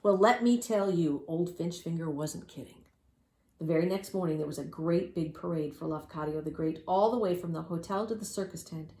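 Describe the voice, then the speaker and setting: A woman reading a children's story aloud with lively, expressive storytelling and spoken sound effects. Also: fairly low pitch, normal speed. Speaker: reader. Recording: roomy echo.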